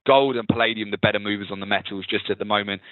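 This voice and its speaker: A man hosting a live trading webinar, calmly talking viewers through market charts. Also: on the low side, racing, no echo. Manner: steady, explanatory, talks through charts. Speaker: webinar host and trading analyst. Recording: tinny phone-like webinar audio.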